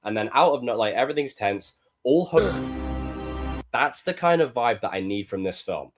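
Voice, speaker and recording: A young male streamer talks through film clips in a loose, profane live-stream style. His pitch leaps up and down in bursts, with a mid-range voice and sudden loud exclamations. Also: moderate pace, over music. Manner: animated, profane, loud outbursts.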